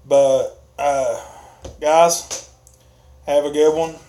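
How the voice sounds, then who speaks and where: Male streamer, slightly high pitch, unhurried casual delivery, laughs often while reading comments. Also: fairly even intonation, dark tone, slight background noise. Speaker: livestream host reading chat. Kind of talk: casual live-stream chat.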